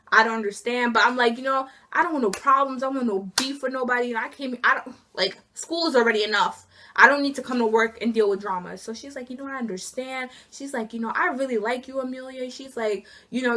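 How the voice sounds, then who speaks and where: Teen girl, 17, casual storytime vlog, exasperated ranting, high bright voice. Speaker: student vlogger.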